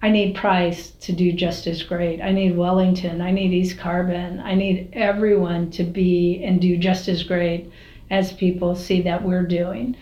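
A woman's voice: on the low side, little pitch movement, a little slow, dark tone. A woman who is a mayor, talking candidly in an interview, telling stories with lots of fillers and restarts, with an American accent. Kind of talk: casual interview talk. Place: city hall office. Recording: roomy, slightly dull recording.

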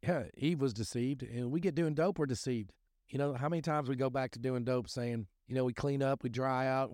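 A man with a drawl talks through scripture in a loose, folksy way, circling back and restarting his sentences often. His voice sits at an ordinary middle pitch. The recording is dry and close, with no room sound. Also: a little mellow, smooth, no room sound. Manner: rambling, folksy, many restarts and fillers. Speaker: recovery podcast host. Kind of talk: casual scripture talk.

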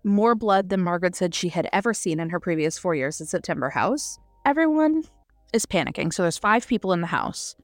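A woman co-hosting a podcast, casually reviewing a book and retelling its scenes with lively acted-out quotes. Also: lowish voice, fairly quick, no echo, soft background music. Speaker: podcast co-host.

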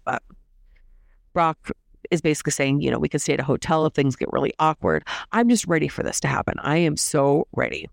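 A host giving a chatty, opinionated recap of a reality TV episode, talking in quick bursts with mocking asides. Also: medium pitch, gravelly, no room sound, studio quality. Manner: mocking asides and quoted imitations of cast. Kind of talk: casual gossipy episode recap.

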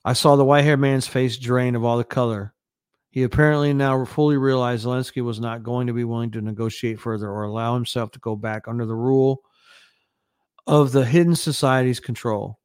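A man reads a prophetic vision aloud, earnest and dramatic. His voice is smooth and resonant, and it sits at an ordinary male pitch. The recording is close and dry. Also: steady tone, brisk, a little mellow, no room sound. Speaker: newscast host.

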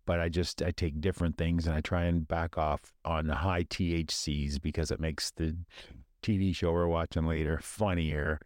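A man's voice: sits low, level tone, moderate pace, no echo, studio quality. An older retired man talking candidly in a casual chat, rambling and reflective, with frequent restarts.

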